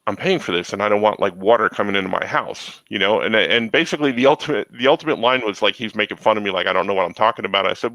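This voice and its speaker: A man's voice: lowish voice, very fast, gravelly, hardly any pauses, pushed and bright, no room sound, poor audio. A man hosting a casual chat, telling long rambling stories. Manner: rambling storyteller. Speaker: host.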